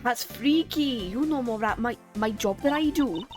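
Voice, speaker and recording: A woman's voice: fairly high pitch, animated, moderate pace, music in the background, lightly acted. A woman voicing an easygoing, slangy older male attorney with a jaunty, drawling manner.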